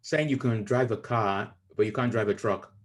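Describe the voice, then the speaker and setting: A man's voice: fairly low pitch, normal speed. Chatty man hosting an interview. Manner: chatty and enthusiastic, with frequent back-channel responses. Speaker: interview host. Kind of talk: casual interview conversation.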